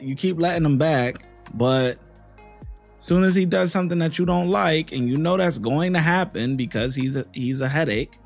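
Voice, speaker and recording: A man's voice: fairly high pitch, gravelly. A man with a slightly raised voice talks in a casual commentary style. He sounds blunt and fed up as he gives his opinion, with faint music behind him. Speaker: host reacting to a video.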